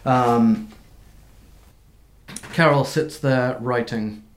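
A man narrating as game master of a tabletop game, halting and full of fillers. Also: medium pitch, roomy sound. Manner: halting, with many fillers and restarts.

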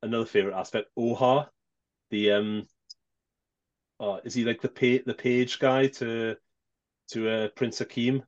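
A man co-hosting a casual film chat, halting and self-deprecating as he talks. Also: medium pitch, fairly even intonation. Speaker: podcast co-host. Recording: slightly dull lo-fi sound.

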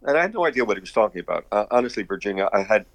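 Guesting on an interview show, an older artist and director from Brooklyn, New York, spins long, meandering stories while chuckling. He races along in a lowish, very animated voice, with no room sound.

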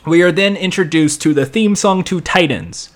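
Sarcastic man recapping a show. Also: fairly high pitch. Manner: sarcastic, rambling, with sound effects and quick impressions. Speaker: show reviewer. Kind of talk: casual recap and commentary.

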